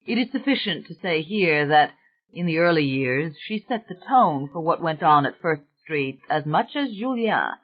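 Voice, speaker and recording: A man reading an audiobook in a measured, formal narration. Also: fairly high pitch, lively intonation. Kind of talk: scripted narration. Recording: tinny, phone-like sound.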